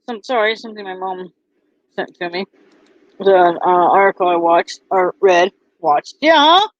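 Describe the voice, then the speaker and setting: Halting woman, dull lo-fi sound. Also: lowish voice, fairly even intonation, no room sound. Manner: halting, full of ums and restarts. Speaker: vlogger and bracelet seller. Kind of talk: casual chat to camera.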